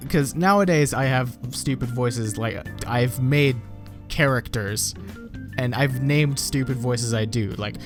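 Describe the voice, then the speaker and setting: A man's voice: medium pitch, slow pace. Rambling, swearing young man. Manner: rambling, swears often, self-mocking. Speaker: YouTuber reacting to his old videos. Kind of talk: casual reaction commentary. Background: guitar music.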